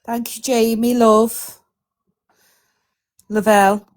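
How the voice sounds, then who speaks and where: A woman hosting a live stream, teasing and playful, firing off quick questions in casual banter. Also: fairly high pitch, flat delivery.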